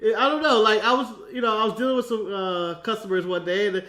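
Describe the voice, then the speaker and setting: High-voiced laughing American man. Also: fairly quick. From United States. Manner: animated storyteller, laughs a lot. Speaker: podcast co-host. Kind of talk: casual chat.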